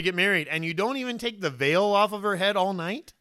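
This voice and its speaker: This brisk sermon comes from a man with a high, bright voice who asks listeners questions and slips into the voices of figures in the story. The sound is dry and close, with no surrounding room.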